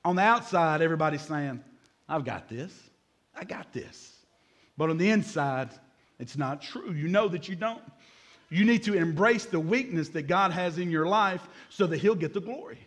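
A man with a notably high voice preaching a sermon. He is animated and dramatic, and breaks into acted-out asides as he speaks to the congregation. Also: moderate pace. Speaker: pastor.

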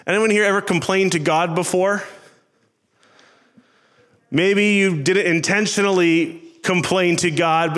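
Male pastor with a slightly high voice, preaching to his congregation in an earnest, pleading way. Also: steady tone, unhurried, long pauses, fairly bright tone. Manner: earnest, pleading, repetitive phrasing. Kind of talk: sermon. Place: church service before a congregation.

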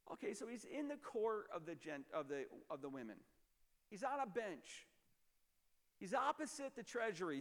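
A man preaching a sermon as a pastor, emphatic and explanatory, often dropping to a low, quiet voice. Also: long reverb tail.

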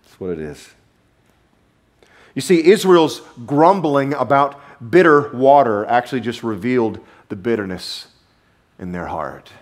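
A male pastor preaching a sermon to his congregation in a church, animated, with sudden drops to a low murmur. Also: a little slow. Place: church sanctuary.

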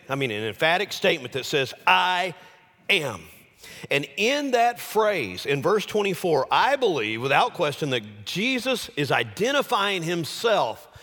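A male pastor preaching a sermon, swinging from loud exclamations to hushed, low phrases. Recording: long hall reverb.

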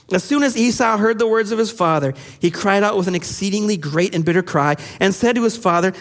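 Male preacher, high voice, lively scripture sermon, long hall reverb. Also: quick pace, few pauses. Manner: animated, acts out quoted voices. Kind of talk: sermon reading and explaining scripture.

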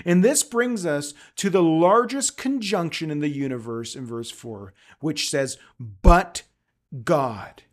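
A man's voice: a little high, unhurried, hardly any pauses. A man preaching an emphatic, conversational sermon outdoors at a church service in a park. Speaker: pastor.

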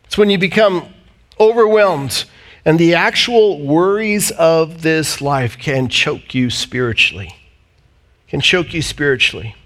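Animated preaching man, slightly high voice. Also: a little slow. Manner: animated preaching, swinging from loud emphatic highs to low quiet reading. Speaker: pastor. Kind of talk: sermon.

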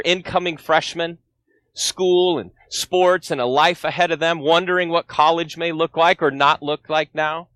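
Man in his 40s, guest pastor preaching earnestly, high voice, dry close sound, storytelling with questions to the pews. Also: a bit bright, dry recording. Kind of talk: sermon.

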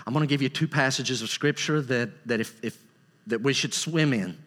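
Emphatic preacher in a reverberant church. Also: male voice, medium pitch, fairly quick, a bit bright. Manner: earnest, emphatic preaching with repetition. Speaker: pastor. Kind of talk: sermon. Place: church sanctuary. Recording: long hall reverb, church sanctuary.

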